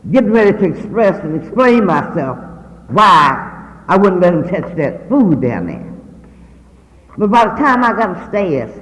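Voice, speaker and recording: A woman giving a personal testimony to an audience, earnest and acting out the people she quotes. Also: lowish voice. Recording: long hall reverb.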